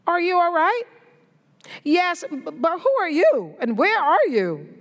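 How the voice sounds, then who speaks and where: A woman voicing a terrified man hanging from a cliff, yelling and pleading desperately for help. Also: very high-pitched, very animated, slow pace, voice pushed up, exaggerated voice. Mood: frantic. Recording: echoey hall reverb.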